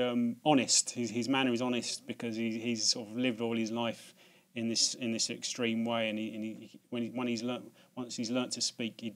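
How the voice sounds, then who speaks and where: A British man hosting a video in casual chat, rambling with many restarts and fillers and laughing at himself. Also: mid-range voice. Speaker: video host.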